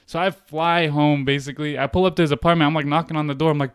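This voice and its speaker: A young American man tells a story at a rapid clip, his voice a touch higher than most and cleanly defined. He throws himself into quoted lines with sudden leaps upward. The sound is close and dry. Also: clean tone, dry recording. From United States. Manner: animated, acts out quotes with big pitch jumps. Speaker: podcast guest. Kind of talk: casual storytelling chat.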